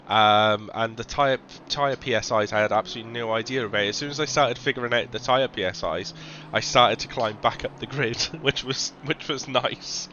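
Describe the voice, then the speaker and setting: A man commentating a sim racing stream in a relaxed, chatty way, with lots of ums and restarts. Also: medium pitch, moderate pace, few pauses, muffled recording. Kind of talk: casual live-stream commentary. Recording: noticeable background noise.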